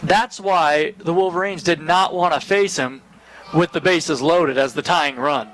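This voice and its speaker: A man announcing a college baseball game play-by-play from a stadium booth, calling each pitch in brisk detail. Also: a bit bright, low-quality recording. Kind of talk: live baseball play-by-play commentary.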